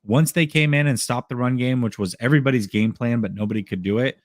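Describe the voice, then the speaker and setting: A man's voice: mid-range voice, fast talker, no room sound. A man with a mid-range voice hosts a sports call-in show. He sounds chatty and easygoing and tosses in "man" and "dude" as he talks. His voice is recorded close and dry, with no room sound. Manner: laid-back, chatty, uses fillers like "man" and "dude". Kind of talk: casual sports talk with callers.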